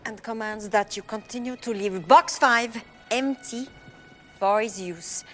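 A woman's voice: a little high, unhurried, soft background music, close to an everyday voice. An actress playing a stern woman relaying a ghost's demands, in a cool, firm delivery.

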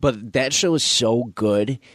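Guy on a podcast retelling tv scenes, big animated quote voices, dry mic. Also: medium pitch, unhurried, no echo. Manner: animated storyteller, acts out quotes in raised voices, swears freely. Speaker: podcast co-host. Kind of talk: casual chat.

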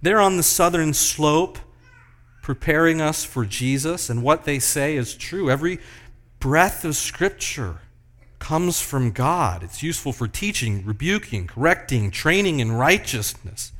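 A man preaching a sermon, moving between loud, emphatic passages and hushed, slow ones. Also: a little high, animated. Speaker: pastor.

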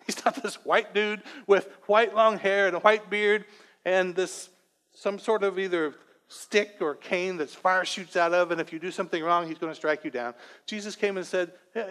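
Male pastor, high voice, emotional and rambling sermon with self-deprecating jokes, long hall echo. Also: a bit bright. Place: church sanctuary. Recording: long church-hall reverb.

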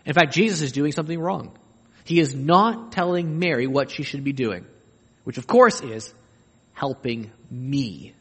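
A man preaching a sermon, animated and humorous, acting out the voices he quotes. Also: mid-range voice, a little slow, husky, long reverb tail. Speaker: pastor.

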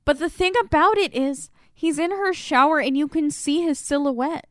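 A young woman co-hosting a podcast, recapping a TV show in casual chat, animated and swearing freely with exasperated asides. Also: sits high, moderate pace, no echo, clean studio sound. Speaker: podcast co-host.

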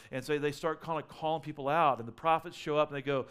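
A man's voice: a little high, fairly even intonation, fast, hardly any pauses, a bit bright, smooth. A man preaching a sermon as pastor, earnest and often repeating or restarting his words.

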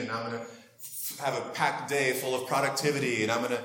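Man preaching, mid-pitched, earnest and conversational, with rhetorical asides, in a room with a noticeable echo. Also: fairly even intonation, fairly quick, a bit bright. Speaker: pastor. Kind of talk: sermon. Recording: roomy echo.

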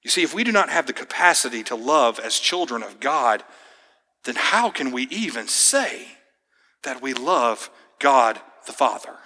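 A man's voice: medium pitch, very animated, measured pace, bright, forceful tone, breathy edge. A man preaching a sermon as pastor, earnest and emphatic, asking the congregation pointed questions. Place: church sanctuary. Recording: hall reverb.

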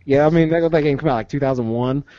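A man's voice: medium pitch, fast talker, no echo. A man with a US East Coast accent, co-hosting a podcast in casual chat and acting out quotes as he tells stories. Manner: animated storyteller, acts out quotes. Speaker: podcast co-host. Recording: dull, lo-fi dry sound.

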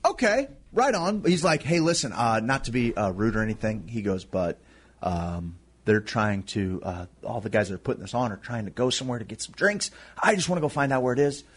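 A man co-hosting a radio talk show, telling a comic story in a wry, self-deprecating way and slipping into quick impressions of the people in it. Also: on the low side, lively intonation, husky. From Indiana. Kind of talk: casual comedic storytelling.

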